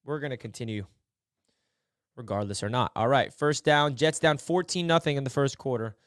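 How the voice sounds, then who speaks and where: A man hosting a casual football film breakdown, excitable, dropping to low mutters and then shouting in frustration or delight. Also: moderate pace, no room sound, clean studio sound. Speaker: sports film breakdown host.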